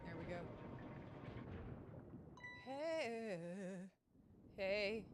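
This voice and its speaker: A woman's voice: medium pitch, slow pace, pauses often, fairly bright tone, faint music behind. A woman streaming a game playthrough, chatting casually and swearing now and then. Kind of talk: casual let's play commentary.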